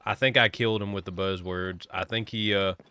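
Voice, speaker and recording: A man's voice: on the low side, fairly even intonation, brisk, bright, forceful tone, smooth, no echo. A man streaming a game, chatting casually and joking with viewers as he rambles.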